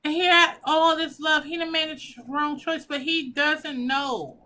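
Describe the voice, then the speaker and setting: A woman's voice: high-pitched, steady tone, unhurried, bright, forceful tone. A woman giving a pick-a-pile tarot reading, talking casually and emotionally, gushing and swearing as she reads the cards. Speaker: tarot reader.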